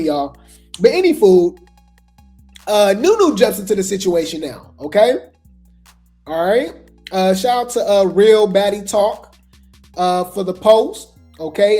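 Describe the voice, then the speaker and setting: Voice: mid-range voice, mellow. A host giving casual gossip commentary, chatty and trailing off with repeated asides.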